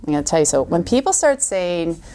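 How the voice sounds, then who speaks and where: A middle-aged woman who speaks as a podcast guest, with a fairly low voice for a woman. She is an animated storyteller and acts out what people say in little quoted voices. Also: fairly quick. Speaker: guest coach. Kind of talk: podcast interview.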